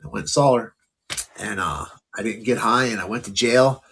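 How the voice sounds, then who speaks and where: A man's voice: on the low side, normal speed, vocal fry, fairly bright tone, slight background noise. A middle-aged man telling his life story candidly as a podcast guest, casual, full of "like" and "um". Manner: casual, many fillers like "like" and "um".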